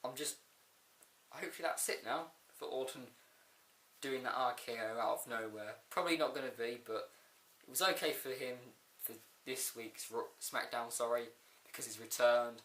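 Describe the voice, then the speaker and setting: A man giving a rambling, excitable casual video review of a wrestling show. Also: mid-range voice, moderate pace. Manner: excitable, rambling, with frequent fillers and outbursts. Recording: echoey room.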